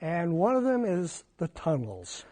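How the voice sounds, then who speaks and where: Low husky-voiced woman podcast host. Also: big pitch swings, unhurried, dark tone. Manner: short interjections and prompting questions. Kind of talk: casual interview chat.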